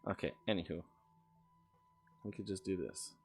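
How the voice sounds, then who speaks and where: A man's voice: low voice, soft background music. A man casually telling a ghost story while streaming, swearing often and stumbling into restarts. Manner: profane, halting, many stammered restarts.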